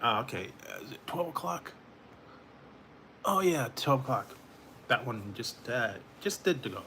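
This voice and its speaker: Streamer host, male, bright tense tone, rambling chatty delivery with frequent chuckles, faint background hum. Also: mid-range voice, big pitch swings, a little slow. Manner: rambling, chuckling, talks to chat viewers. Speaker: food reviewer hosting a live stream. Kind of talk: casual late-night live stream chat.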